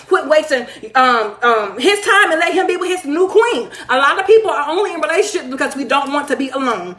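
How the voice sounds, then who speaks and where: Speaking a little fast and barely pausing, a high-voiced woman hosts a casual livestream, chatting and reading out comments. She teases her viewers playfully and laughs often. The sound bounces around as if she's recording in a bare room.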